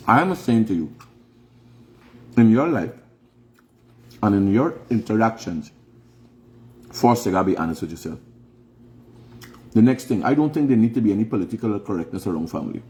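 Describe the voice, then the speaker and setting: Here the same kind of host, a middle-aged Guyanese man speaking Guyanese Creole English, preaches through a casual livestream, firing off rhetorical questions with emphasis. His darkish voice runs on the low side, animated and at a moderate pace, broken by long pauses.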